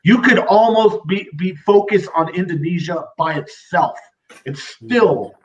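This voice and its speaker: A man co-hosting a podcast talks casually in long, rambling stretches full of fillers. His voice sits a little high. He sounds set back from the microphone, with a dull, muffled tone. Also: animated, unhurried, recorded from a distance. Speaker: podcast co-host. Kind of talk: casual chat.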